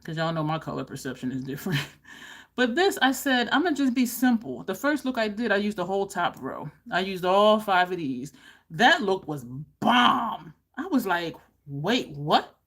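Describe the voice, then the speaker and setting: A woman beauty vlogger chatting to camera, animated and laughing often, with high exclaimed reactions. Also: moderate pace. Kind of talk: casual chat to camera.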